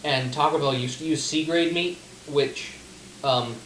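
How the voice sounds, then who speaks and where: A man's voice: fairly high pitch, measured pace, fairly bright tone. A young man co-hosting a casual podcast chat, rambling through stories, swearing and laughing often. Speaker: podcast co-host. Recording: roomy echo, faint room noise.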